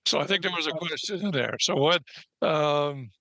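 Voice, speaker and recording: Older male panel chair, bright gravelly voice, loose talk full of fillers. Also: fairly high pitch, no room sound. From United States. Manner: conversational with frequent fillers. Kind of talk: panel moderation.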